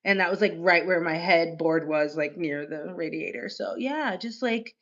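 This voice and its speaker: A woman streamer chatting casually on a livestream, gushing and animated, and she swears casually. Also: on the low side, normal speed, lo-fi sound.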